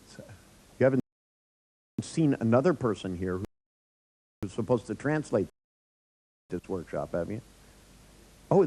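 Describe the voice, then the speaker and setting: A man's voice: medium pitch, gravelly, mellow. Man, workshop trainer, joking storyteller, blunt, laughs often, live lecture. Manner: blunt, irreverent. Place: workshop room with audience.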